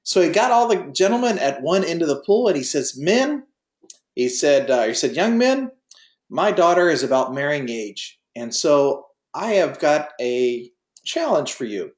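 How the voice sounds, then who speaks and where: A man's voice: fairly high pitch, lively intonation, moderate pace, roomy sound. A man teaching an online class on drone pilot rules, in a folksy, rambling way with many fillers and restarts, speaking over a video call. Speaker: drone pilot test prep instructor. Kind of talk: online class lecture with a told joke.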